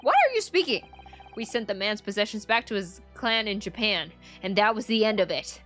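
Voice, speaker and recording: A woman voicing a gruff, testy male prison warder in an uneven put-on Scottish accent, read from a game. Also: mid-range voice, sing-song, a little fast, fairly bright tone, faint music behind, pitched below the performer's own voice. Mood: brusque. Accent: put-on Scottish, inconsistent. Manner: brusque, dismissive, thick brogue words. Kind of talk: reading game dialogue aloud.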